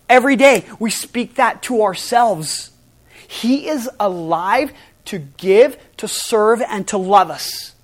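A middle-aged pastor, his voice sitting high, preaches at a measured pace. He is emphatic and animated, alternating loud and soft delivery.

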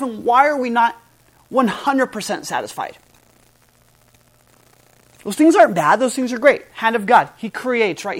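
A woman pastor preaching a sermon in an earnest, emphatic way, stressing and spelling out key words. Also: fairly high pitch.

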